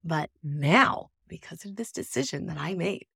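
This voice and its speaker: Lively, emphatic woman podcast host. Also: fairly low pitch, measured pace, creaky, slightly rough, no echo, studio quality. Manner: emphatic, exasperated storytelling. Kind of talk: personal monologue podcast.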